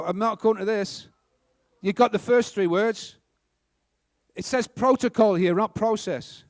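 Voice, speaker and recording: Male NZ quiz host, very high pitch, quick joking delivery, dry recording. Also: no room sound. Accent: New Zealand. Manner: brisk, joking, sarcastic asides. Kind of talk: live school quiz hosting.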